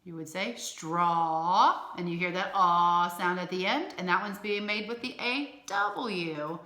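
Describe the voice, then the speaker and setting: A woman teaching a recorded phonics lesson to young children, slowly sounding out each word in an encouraging teacher's tone. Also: lowish voice, pushed and bright. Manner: slow, clearly sounded-out words with an encouraging teacher's tone. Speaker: elementary school teacher. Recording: echoey room.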